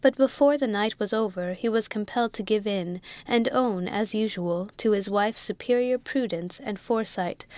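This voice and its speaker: A woman narrating a classic novel in a measured, expressive reading. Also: medium pitch, dry recording. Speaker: audiobook narrator. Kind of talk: literary narration.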